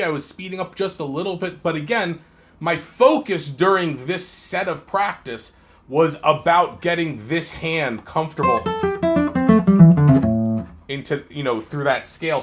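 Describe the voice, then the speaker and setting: A man streaming his guitar practice live, counting beats aloud in a slow sing-song and talking through how each run felt. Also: a little high, expressive. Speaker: guitar teacher practicing on a livestream. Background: guitar playing.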